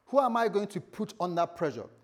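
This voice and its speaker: Man voicing a tyrant king, scornful, taunting, mocking rhetorical questions, slightly high voice. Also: big pitch swings, brisk.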